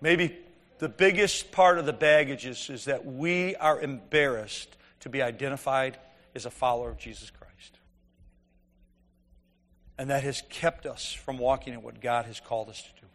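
A man's voice: mid-range voice, moderate pace, a bit bright, big-room sound. A man preaching a conversational sermon, telling stories and asking the congregation rhetorical questions.

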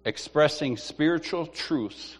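A middle-aged man sharing a personal faith testimony as an animated storyteller who laughs and repeats himself. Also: on the high side, slow, breathy edge. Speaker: church member sharing a testimony. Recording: long hall reverb.

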